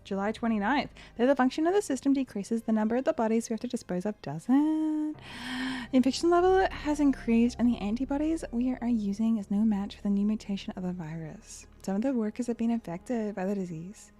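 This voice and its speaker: A woman's voice: on the high side, a little fast, warm tone, close to an everyday voice. A woman reading as a weary, frightened lab manager. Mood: somber. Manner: earnest, somber read-aloud diary delivery.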